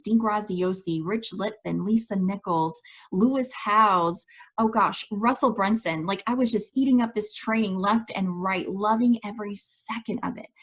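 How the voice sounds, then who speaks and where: A woman coach telling a personal story in an enthusiastic, expressive way, laughing often and acting out her past conversations. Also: medium pitch. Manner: acts out her own past dialogue. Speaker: life coach.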